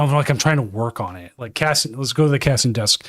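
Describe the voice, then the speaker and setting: A man's voice: mid-range voice, normal speed, hardly any pauses, no echo. Chatty male tournament caster, dry sound. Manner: chatty and rambling, self-correcting. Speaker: tournament caster and stream host. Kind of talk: casual live game commentary. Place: home casting desk.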